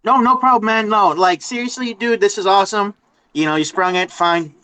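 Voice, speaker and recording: A man talking as a podcast guest in a relaxed chat, rambling with frequent restarts and fillers. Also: high voice, clean tone, poor audio. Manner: halting, rambling, many restarts and "you know". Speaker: podcast guest, horror artist. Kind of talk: casual interview chat.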